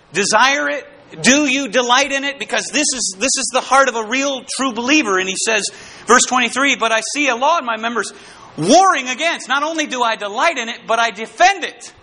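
A man preaching a fervent sermon, calling out to the congregation and bursting into shouts. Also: sits high, slight background noise.

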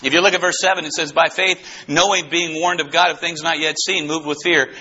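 A man preaching a fervent, excitable sermon who often bursts into shouts. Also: on the high side, a little fast, breathy edge, lo-fi sound.

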